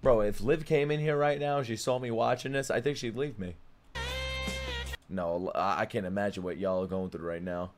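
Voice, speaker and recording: A young man reacting to videos, excitable and swearing, breaking into shouts and laughter. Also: on the low side, normal speed, faint music behind. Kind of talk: loud reaction commentary.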